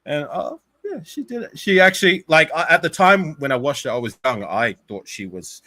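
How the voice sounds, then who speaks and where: Guest streamer guy, bright sharp voice, dry close sound, teasing and playful. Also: on the high side, lively intonation, normal speed, no room sound. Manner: teasing, plugs his own show. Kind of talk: casual live-stream chat.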